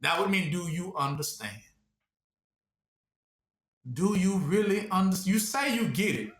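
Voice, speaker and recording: A man's voice: high voice, lively intonation, a little slow, fairly bright tone. A man giving call-and-response Bible teaching, talking conversationally and asking rhetorical questions for his listeners to finish. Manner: conversational, repetitive preaching. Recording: roomy echo.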